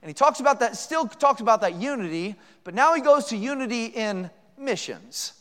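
A man with a strikingly high voice preaches to a church congregation. His delivery is folksy and conversational, full of jokes and asides. His words ring out with a long reverb in a big hall. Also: expressive, normal speed, a bit bright. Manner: folksy, joking, conversational with rhetorical questions. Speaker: guest preacher. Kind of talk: sermon. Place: church sanctuary.

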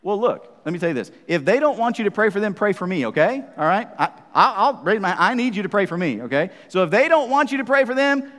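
A man's voice: sits high, big pitch swings, fast, hardly any pauses, fairly bright tone, long reverb tail. A man preaching a sermon as pastor, talking conversationally to the congregation and often checking in with "right?" asides.

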